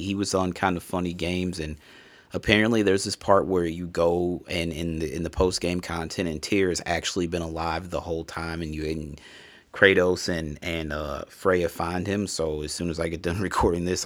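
A man giving a casual, rambling game review, emotional and full of swearing. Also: low-pitched. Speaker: gamer reviewing a video game. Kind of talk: casual solo review talk.

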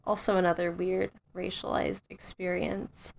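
Young woman, casual chat, animated storyteller, filler-heavy, quick to laugh. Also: fairly low pitch, vocal fry. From United States. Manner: chatty and animated, frequent "like", laughs at her own stories.

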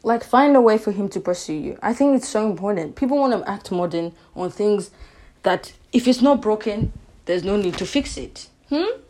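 A young woman hosts her own podcast and talks straight to her listeners about dating, firm and opinionated, often checking in with "you know what I'm saying". Her voice is mellow and warm rather than bright, and her chat is loose and animated. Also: medium pitch, moderate pace. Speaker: podcast host. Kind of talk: casual relationship-advice monologue.

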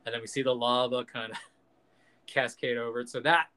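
A man's voice: medium pitch, flat delivery, normal speed, pushed and bright. A man hosting a podcast, ranting in casual, profane, jokey chat and acting out quotes. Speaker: podcast host.

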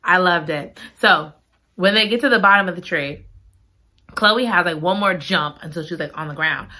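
A woman chatting through a book recap with a bright, forward voice. She gushes and giggles as she talks and piles up repeated exclamations. Her tone stays casual and conversational. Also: fairly low pitch, moderate pace. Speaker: book reviewer.

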